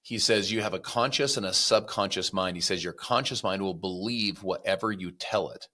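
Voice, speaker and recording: A man who is a podcast guest, telling motivational stories and acting out the people he quotes with lively voices. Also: low-pitched, normal speed. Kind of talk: motivational storytelling.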